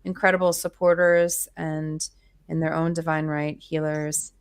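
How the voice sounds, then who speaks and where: A woman with a low, breathy voice hosts a relaxed group chat on a video call. She leans into the microphone and lets her words linger, effusive and affectionate. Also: unhurried. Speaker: host. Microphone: close microphone.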